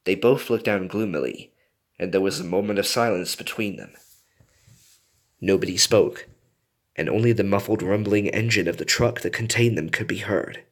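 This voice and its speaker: A man reading a fan story aloud in an animated way, doing voices for the characters. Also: fairly low pitch, moderate pace. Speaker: story reader.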